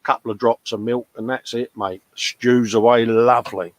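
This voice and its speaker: A man's voice: mid-range voice, fairly even intonation, moderate pace, no room sound. A British man in his fifties, co-hosting a casual livestream chat, jokey and matey as he reads out viewer comments. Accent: British English. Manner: chatty, jokey, says "mate" a lot. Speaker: livestream co-host.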